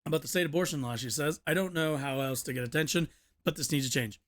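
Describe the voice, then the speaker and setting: A man's voice: fairly high pitch, fast. A young man streaming, reading a news article aloud with stumbles, mutters and offhand asides. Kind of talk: casual reaction stream.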